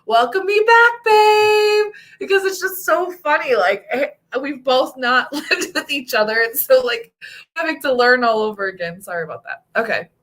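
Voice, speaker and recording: Bright, animated American woman vlogger. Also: normal speed. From United States. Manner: animated storyteller, acts out quotes in a high voice. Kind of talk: casual chat.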